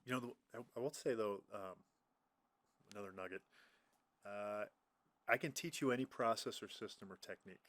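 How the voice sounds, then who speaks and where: A man's voice: fairly low pitch, normal speed, long pauses, a bit bright. A man who trains fundraising groups, talking in a casual podcast conversation with an emphatic, enthusiastic manner.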